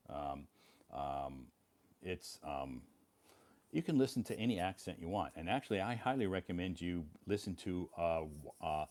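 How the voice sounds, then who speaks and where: A man's voice: extremely low pitch, a little mellow. An American man hosting a casual English-learning live stream from home, rambling and reassuring, often repeating himself. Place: his home.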